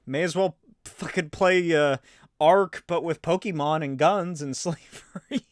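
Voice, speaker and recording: A man's voice: fairly high pitch, a little slow, no room sound. Rambling, swearing man with a dry close sound. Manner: rambling, swears, laughs often. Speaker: podcast host. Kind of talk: casual solo chat.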